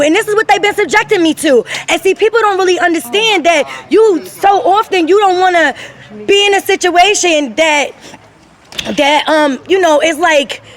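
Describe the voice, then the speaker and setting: Upset middle-aged woman ranting into her phone, high voice, going on and on. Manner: emphatic, rambling, aggrieved. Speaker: vlogger filming her own channel. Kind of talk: emotional personal vlog.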